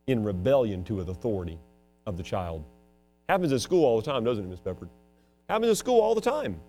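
A male preacher with a mid-range voice, who also teaches school, delivers a dramatic sermon. He alternates loud, emphatic moments with hushed asides.

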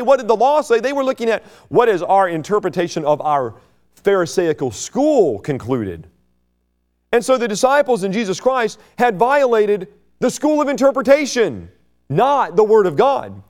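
A middle-aged man preaching a verse-by-verse sermon. His voice sits high and swoops widely in pitch, and he slips into quick mocking asides about his opponents. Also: a little mellow. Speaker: preacher and teacher. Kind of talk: sermon, Bible teaching.

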